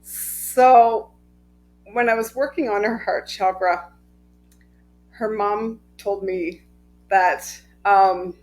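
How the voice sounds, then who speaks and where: A middle-aged woman energy healer telling personal stories in a casual, heartfelt way, with many pauses and a frequent "right?". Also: medium pitch, fairly even intonation, a little hiss or hum, low-quality recording. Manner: slow, heartfelt, with many ums and rhetorical "right?". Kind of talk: casual storytelling to camera.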